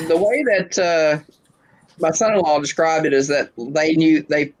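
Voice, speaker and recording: A woman's voice: extremely low pitch, rough recording. An older woman hosting a casual chat, easygoing and rambling, chuckling often. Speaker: host.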